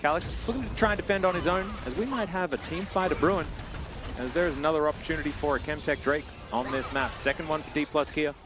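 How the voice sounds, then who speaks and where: A man casting an esports match solo, chatty and self-deprecating between plays, excitable when the action kicks off. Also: on the high side, fast, music in the background. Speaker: esports caster. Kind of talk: play-by-play esports commentary.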